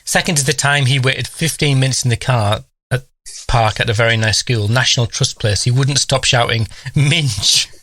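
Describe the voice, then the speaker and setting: A man chats casually on a podcast and tells anecdotes with animation. His voice is bright and forceful, and it is recorded close and dry with no room echo. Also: medium pitch, a little fast. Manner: animated anecdote-telling, acts out children's voices. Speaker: podcast co-host. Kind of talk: casual storytelling chat.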